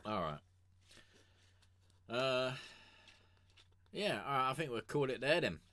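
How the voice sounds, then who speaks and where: A man's voice: mid-range voice, big pitch swings, takes it slowly, sharp tone. Rambling, swearing man streamer. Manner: rambling and crude, swears a lot, with many fillers. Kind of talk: casual livestream storytelling.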